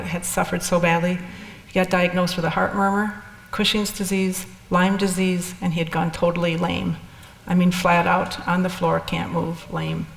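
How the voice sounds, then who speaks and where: A woman's voice: on the low side, vocal fry. An older woman telling her personal story in a candid, rambling way, with restarts and asides. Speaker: speaker sharing experiences. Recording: echoey hall with long reverb.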